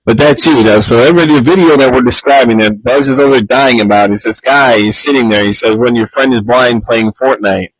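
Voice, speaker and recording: A man's voice: medium pitch, brisk, hardly any pauses, slightly rough, no room sound, poor audio. A man co-hosting a casual podcast, teasing his friends and swearing freely. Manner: profane, teasing, animated impressions. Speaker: podcast co-host. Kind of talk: casual chat.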